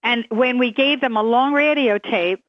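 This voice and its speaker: A woman's voice: on the high side, dry recording. Indignant woman on a dry radio line. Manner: indignant, emphatic and quick. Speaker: psychic guest. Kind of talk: radio interview talk. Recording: dry, muffled radio sound.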